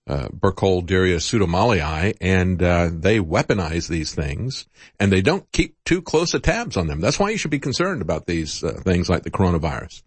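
A man's voice: sits low, sing-song, normal speed, husky, no echo. A man giving opinionated political commentary as a talk show host, impassioned and emphatic, with frequent fillers.

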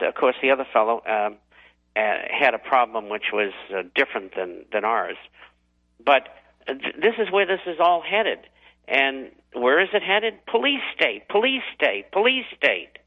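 Male radio guest, mid-pitched, deliberate halting storyteller, heard over a narrow phone line.

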